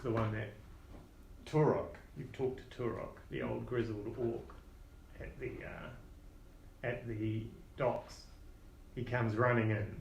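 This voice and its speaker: A low-voiced man runs a tabletop game as its narrator, describing the scene loosely and casually. The recording is roomy, with a faint hiss underneath. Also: creaky, darkish tone. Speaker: game master. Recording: roomy echo.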